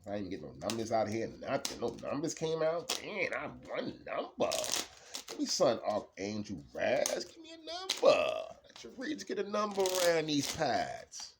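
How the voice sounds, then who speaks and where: A man giving a casual, rambling tarot card reading, laughing often and swinging between low mutters and loud bursts. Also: wildly swooping pitch, moderate pace, noisy background.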